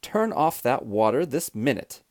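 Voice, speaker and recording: A man's voice: on the high side, wildly swooping pitch, normal speed, a little mellow, no room sound, clean studio sound, voice pushed up. A man voicing a fussy, exasperated lady of the house in a children's storybook read-aloud, scolding and exclamatory.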